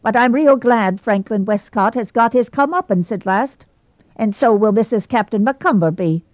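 A woman voicing a blunt, sarcastic old housekeeper who speaks loudly. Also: on the high side, normal speed, no room sound, pitched above the performer's own voice, natural voice. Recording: dry tinny phone-like sound.

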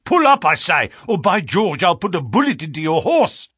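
A man's voice: high-pitched, big pitch swings, normal speed, slightly rough, no room sound, clean studio sound, pitched above the performer's own voice, heavily acted. A man reading aloud, voicing a frantic bearded young man in desperate urgency. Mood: shouting threats. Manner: shouting, pleading, breathless urgency.

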